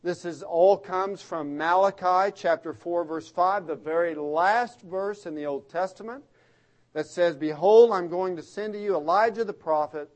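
Pastor guy preaching, pretty high voice, emphatic, chatty, restarts a lot. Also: measured pace. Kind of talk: sermon.

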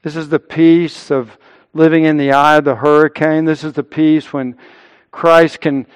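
Slow-preaching man in a reverberant hall. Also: fairly high pitch, little pitch movement, clean tone. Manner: slow, deliberate preaching with swells of emphasis. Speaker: pastor. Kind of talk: sermon.

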